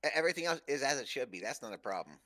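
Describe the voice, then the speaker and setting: A man's voice: mid-range voice, sing-song, very fast, pushed and bright. A man playing a tabletop game who chats casually, joking and often stammering over his words. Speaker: player.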